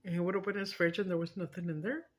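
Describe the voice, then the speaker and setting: Woman, lowish voice, casual vlog storytelling, emotional, faint background hiss. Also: steady tone, fast talker. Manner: chatty, emotional, mixes in Spanish and swears. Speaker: mukbang vlogger.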